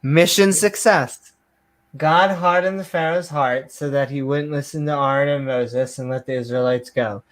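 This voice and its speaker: A man's voice: a little high, fairly even intonation, normal speed. A man hosting a comedy show, reading old scripture aloud in a mock-grand voice and mocking it. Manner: sarcastic, reads archaic verses in a mock-grand voice. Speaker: host.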